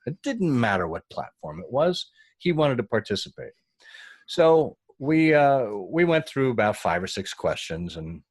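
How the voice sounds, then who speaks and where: A man telling a story in a casual interview, animated and acting out the voices of the people he quotes. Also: lowish voice, breathy edge, dry recording. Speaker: guest.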